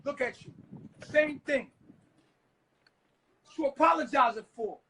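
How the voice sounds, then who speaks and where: A man ranting on a live stream, agitated and profane, now and then breaking into shouts. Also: very high voice, unhurried, rough recording. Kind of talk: heated live stream rant.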